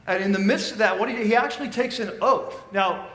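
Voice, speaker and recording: A man preaches in a relaxed, chatty storytelling manner. His voice sits fairly high, and it rings through a roomy, echoey church hall. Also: fairly quick. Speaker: pastor. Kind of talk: sermon.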